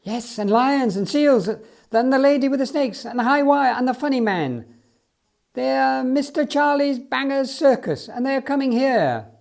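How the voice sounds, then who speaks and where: A man voicing an excitable male circus elephant keeper who gushes in broken English. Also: very high-pitched, measured pace, gravelly, voice pushed up, heavily acted. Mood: excited. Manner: eager, gushing, broken English.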